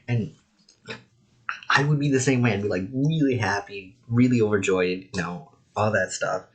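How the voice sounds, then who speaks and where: A man's voice: on the low side, normal speed. A man casually reviewing anime episodes, rambling with lots of "like" and "you know".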